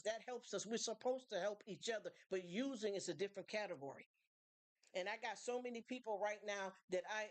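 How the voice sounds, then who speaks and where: A middle-aged woman hosting a live stream, talking candidly and emphatically to her chat. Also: mid-range voice.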